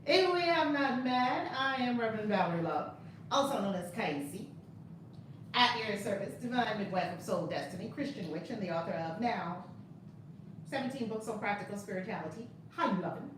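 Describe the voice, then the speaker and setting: A woman's voice: medium pitch, lively intonation, normal speed. Exuberant woman teaching, echoey room. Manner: exuberant, greets viewers by name. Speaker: spiritual teacher and channel host. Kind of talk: live-streamed money class. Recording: echoey room, far from the mic, faint noise.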